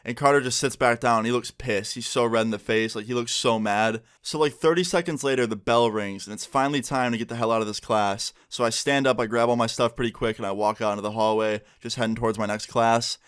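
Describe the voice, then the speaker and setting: A young man in a casual storytime vlog, speaking in an animated way and swearing freely. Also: mid-range voice, quick pace, few pauses, clear, resonant tone. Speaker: YouTuber.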